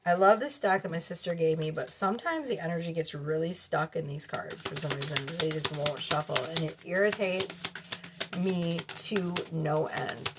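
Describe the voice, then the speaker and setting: A woman's voice: on the low side, slight background noise. A woman with children doing a casual tarot reading to camera at home, blunt and profane, laughing often. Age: adult with children. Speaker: tarot reader. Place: cluttered bedroom at home. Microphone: camera mic.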